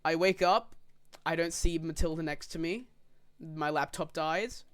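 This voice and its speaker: Young podcast co-host, loose and rambling storyteller, swears and laughs a lot, mid-pitched voice. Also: measured pace, clear, resonant tone. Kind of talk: casual storytelling chat.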